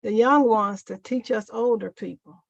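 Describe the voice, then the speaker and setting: A woman's voice: a little high, normal speed, creaky, dry recording, dull audio. A woman co-hosting a live show, encouraging callers and asking follow-up questions. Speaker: co-host. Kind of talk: casual chat.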